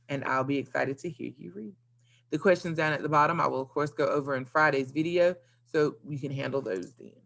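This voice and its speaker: A woman teacher giving a recorded video lesson to young pupils, upbeat and playful with sing-song emphasis. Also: sits low. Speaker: elementary school teacher.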